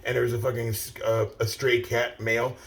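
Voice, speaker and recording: A man's voice: medium pitch, monotone, brisk. A middle-aged man rambling casually to his viewers, swearing often and filling his talk with "like" and "uh". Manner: rambling, heavy swearing, many fillers and restarts. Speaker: vlogger. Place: outdoors, standing still.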